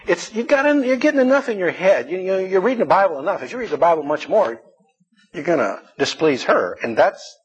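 A man's voice: on the high side, husky. A man preaching a sermon to his congregation, telling personal stories in a folksy way with repeated words. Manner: folksy, storytelling preaching with repetitions. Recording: dull lo-fi recording.

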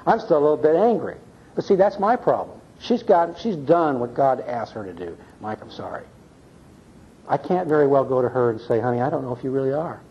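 A man's voice: medium pitch, expressive, quick pace, slight background noise. An older man leading a church Bible class in a folksy, earnest way, often checking in with "see?" and "okay?". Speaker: Bible study teacher. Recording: muffled lo-fi recording.

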